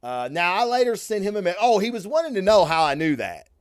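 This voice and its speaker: Profane, animated podcast man. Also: high voice, quick pace, clean tone, no room sound, studio quality. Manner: profane, animated storytelling with frequent swearing. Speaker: podcast host. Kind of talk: casual solo podcast rant.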